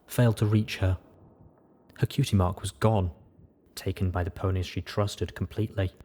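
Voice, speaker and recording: A man narrating a first-person story as an audiobook reader, steady and measured. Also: sits low, a little hiss or hum.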